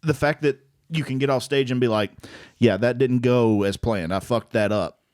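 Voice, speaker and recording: A man and aspiring comedian, co-hosting a casual podcast chat, telling animated stories, swearing freely and laughing often. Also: mid-range voice, moderate pace, no room sound, studio quality.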